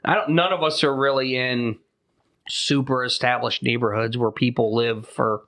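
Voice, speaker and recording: A man's voice: mid-range voice, normal speed. Laughing, chatty male mail carrier. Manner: laughs often, animated storytelling. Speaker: podcast co-host and mail carrier. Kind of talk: casual chat.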